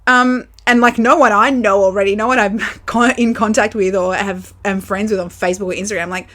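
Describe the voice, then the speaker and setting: A woman's voice: mid-range voice, a bit bright. A young woman with an Australian accent chats alone into her camera for a podcast. She rambles candidly, piling up fillers and the odd curse as she thinks aloud. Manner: candid, chatty, lots of fillers, swearing. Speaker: podcast host. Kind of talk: casual solo podcast chat. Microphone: camera with built-in mic.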